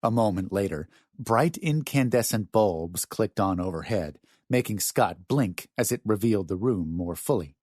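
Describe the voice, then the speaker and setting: A male audiobook narrator with a lowish voice that rises and falls with lively storytelling. The recording is dry and close, with no room sound behind him. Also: normal speed, hardly any pauses, no room sound. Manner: expressive storytelling. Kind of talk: scripted narration.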